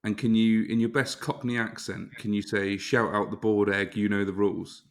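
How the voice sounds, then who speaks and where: Low-voiced man, teasing. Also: level tone, normal speed. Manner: teasing, matey. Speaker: podcast co-host. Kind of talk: casual chat.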